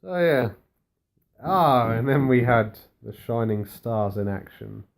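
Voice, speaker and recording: A man's voice: mid-range voice, animated, slow, creaky. A man co-hosting a casual wrestling recap, laid-back and dry, rambling through the show's events. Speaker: podcast co-host.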